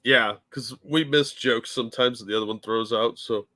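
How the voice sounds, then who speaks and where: A man's voice: mid-range voice, normal speed, sharp tone. A man co-hosting a live political reaction stream, bantering in a dry, easygoing way. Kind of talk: casual live reaction chat.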